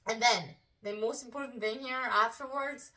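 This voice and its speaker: A female vocal coach giving a singing lesson, explaining slowly in casual speech and breaking into sung phrases to demonstrate. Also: a little high, sharp tone, far from the mic. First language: Korean.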